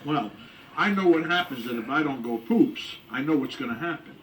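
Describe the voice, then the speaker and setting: A man's voice: medium pitch, expressive, normal speed, recorded from a distance, slight background noise, rough recording. A man delivering a rambling comic monologue straight to the camera, brash and full of groans, asides and complaints. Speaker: comedian.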